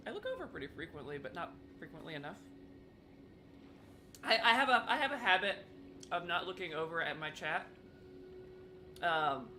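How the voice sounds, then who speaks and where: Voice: mid-range voice, bright, forceful tone, slight background noise. A new streamer chatting casually during live online matches, often apologizing and laughing along. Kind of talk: casual live gameplay commentary.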